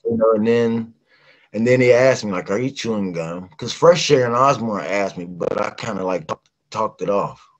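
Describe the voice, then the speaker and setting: A middle-aged guest singer from West Virginia tells a lively, casual story, acting out the voices of its characters. He speaks at a moderate pace in a lowish voice, and the recording sounds muffled.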